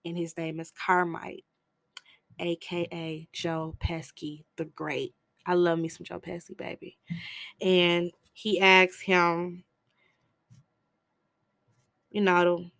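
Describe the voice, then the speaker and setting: Woman podcast host, low voice, slow unhurried delivery, chatty film recap, dry close sound. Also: no room sound. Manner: chatty, animated retelling with quick asides.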